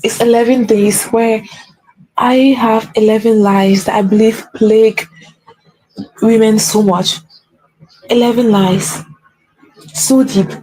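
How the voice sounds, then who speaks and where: A woman's voice: a little high, fairly even intonation, slow pace, pauses often, dark tone, low-quality recording. A woman giving an earnest spiritual pep talk as a faith coach, repeating key phrases for emphasis.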